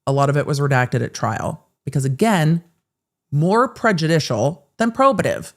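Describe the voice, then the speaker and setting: A woman's voice: low-pitched, expressive, moderate pace. A woman hosting live legal commentary, sarcastic and blunt, and she swears freely. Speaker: host.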